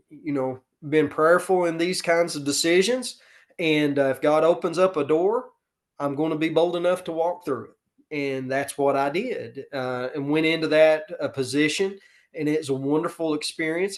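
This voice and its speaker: A middle-aged man, a football coach talking casually and earnestly in an interview, with many fillers. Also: on the high side. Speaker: podcast guest, football coach.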